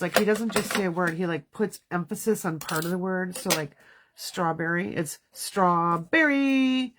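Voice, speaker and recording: Chatty woman with a gravelly edge. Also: on the low side, noisy background. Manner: chatty, talks to herself while working. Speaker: card-making livestream host. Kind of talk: casual crafting livestream chat. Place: home craft studio.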